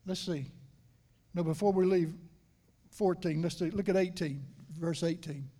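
A middle-aged man preaching a sermon to a congregation in church. He keeps asking them questions and swings from quiet, confiding talk to loud emphasis. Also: high voice, a little slow. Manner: conversational, asks the congregation questions. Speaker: pastor. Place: church sanctuary.

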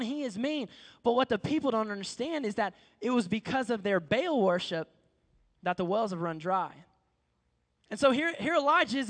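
A man preaches in a large hall, his very high voice trailing off in long reverb. He tells the story in a lively, slangy way and acts out the dialogue as he goes. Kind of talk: sermon.

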